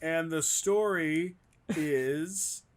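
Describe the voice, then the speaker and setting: Male comedian guest, slightly high voice, rambling and animated storyteller, casual chat. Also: extremely slow. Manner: rambling, animated, acts out quotes in raised voices.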